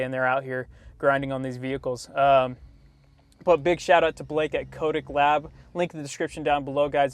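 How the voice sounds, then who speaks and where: A young man, a car vlogger, telling a story to camera in a detailing shop, animated and laughing, with many fillers and restarts. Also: mid-range voice, clean tone, no echo.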